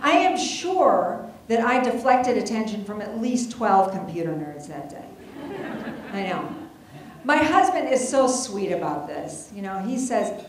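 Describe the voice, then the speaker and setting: Lively self-mocking woman in echoey hall. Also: mid-range voice, measured pace, slight background noise. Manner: chatty, self-deprecating, full of asides. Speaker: storyteller on stage. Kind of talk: comic personal storytelling to a live audience. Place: stage before an audience.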